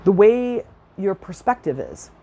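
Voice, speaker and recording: A woman's voice: medium pitch, huge pitch swings, unhurried, warm tone, husky, muffled recording. A middle-aged woman hosting a personal podcast, telling stories in a chatty, enthusiastic way and acting out other people's lines. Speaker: podcast host.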